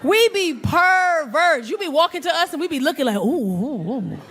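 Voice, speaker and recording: Brash high-voiced woman comic. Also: a little fast, slight background noise. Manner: brash, animated, acts out voices. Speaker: stand-up comedian. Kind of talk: stand-up comedy with crowd work. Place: comedy club stage. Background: audience laughter.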